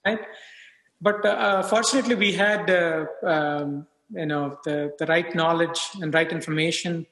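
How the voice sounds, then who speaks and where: Man in his 30s, physician guest, high bright voice, halting with fillers, roomy long reverb. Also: steady tone. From India. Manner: halting, many fillers and restarts. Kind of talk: casual interview talk. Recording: echoey room with long reverb.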